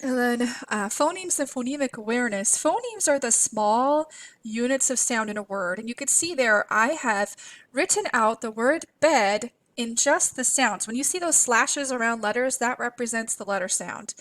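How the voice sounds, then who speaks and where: A woman instructor giving a recorded lecture over slides, a clear and encouraging teacher who models letter sounds aloud. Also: fairly high pitch, lively intonation, moderate pace, a bit bright. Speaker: literacy instructor.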